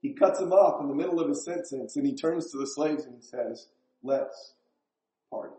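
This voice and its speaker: Speaking a little fast in a slightly high, warm voice, a pastor preaches conversationally in church and puts questions to his congregation. The recording echoes around the room.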